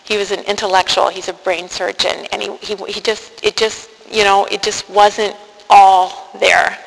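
A woman's voice: mid-range voice, level tone, moderate pace, vocal fry. A middle-aged woman giving a heartfelt personal faith testimony, earnest and stumbling over her words at times. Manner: earnest and heartfelt, with frequent restarts. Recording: reverberant hall with faint noise.

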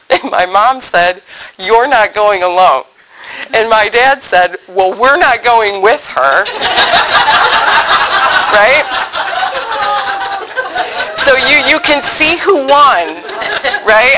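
A woman giving a faith testimony to an audience in an animated storytelling manner, acting out the voices of family members she quotes. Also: medium pitch, a little hiss or hum, rough recording. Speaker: speaker sharing a faith testimony. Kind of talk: personal storytelling talk to an audience.

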